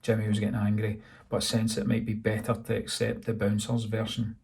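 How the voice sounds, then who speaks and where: Scottish guy reading his own novel, gravelly, dark tone, pretty flat delivery. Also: fairly low pitch, fairly quick, a little hiss or hum. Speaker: author narrating his novel. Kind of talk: audiobook narration.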